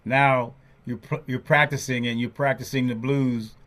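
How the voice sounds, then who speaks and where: An older man, a drummer who hosts a podcast, tells stories during an interview and animatedly acts out the voices of people he quotes. His voice is mid-range and his pace normal.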